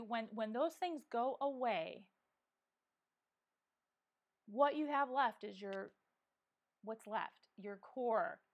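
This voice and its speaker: A woman's voice: fairly high pitch, a bit bright. Earnest woman hosting a live coffee chat. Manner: earnest, halting, many restarts and ums. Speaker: vlog host. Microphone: wearing a microphone.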